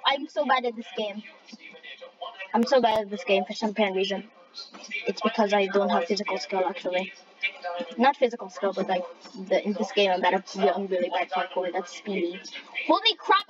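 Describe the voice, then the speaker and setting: A female gamer giving excitable live commentary on a race, with shrieking exclamations and jokey trash talk. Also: mid-range voice, muffled recording.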